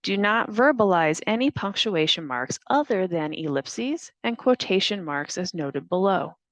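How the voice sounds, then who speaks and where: A woman narrating a staff training on reading test items aloud, in a clear, deliberate instructional manner. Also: mid-range voice, expressive, dry recording.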